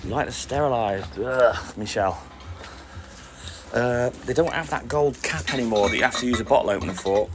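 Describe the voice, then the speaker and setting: A man's voice: medium pitch, normal speed. A middle-aged man on his milk round, chatting casually with live-stream viewers and greeting them by name. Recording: music playing loudly behind.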